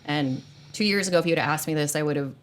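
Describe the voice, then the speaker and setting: A woman's voice: deep voice, fast. A woman hosting a podcast, talking earnestly in casual spiritual chat, rambling with plenty of fillers. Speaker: podcast host.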